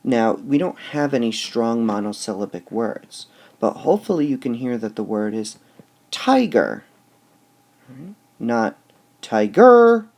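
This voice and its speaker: A man teaching a recorded lesson, speaking slowly and deliberately and stressing syllables out loud as he explains. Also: medium pitch. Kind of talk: recorded lesson on poetic meter.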